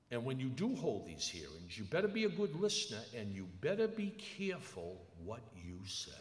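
An older man giving a public lecture, telling stories emphatically in a large hall. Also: medium pitch. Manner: emphatic storytelling with acted quotes. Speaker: lecturer, attorney. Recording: echoey hall with long reverb.

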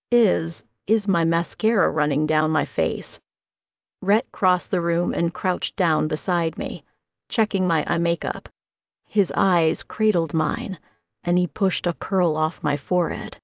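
Low, gravelly woman narrating a novel. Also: dry recording. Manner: intimate, reflective storytelling. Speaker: audiobook narrator. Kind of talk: first-person novel narration. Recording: dull lo-fi dry recording.

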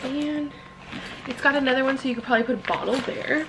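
Gushing young woman, somewhat high voice. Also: fast, noisy background. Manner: gushing, excitable, fills talk with "like" and "you guys"; emotional, near tears at times. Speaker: vlogger. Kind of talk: casual unboxing vlog.

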